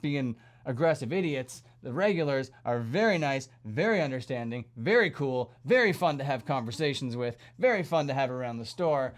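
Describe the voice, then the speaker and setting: Young male vlogger, high voice, angry sarcastic rant, lots of swearing. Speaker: vlogger and coffee shop worker. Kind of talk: angry ranting vlog commentary.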